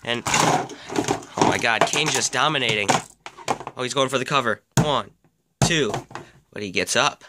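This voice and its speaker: Excitable man doing mock wrestling commentary. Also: mid-range voice, a little slow, pauses often, very noisy. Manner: excitable, exclaiming, deadpan asides.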